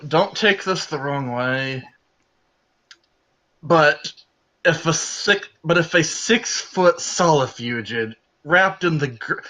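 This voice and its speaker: A man in a tabletop game session, talking in character in a lively, rambling way. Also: a little high. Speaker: player. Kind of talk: tabletop role-play in character.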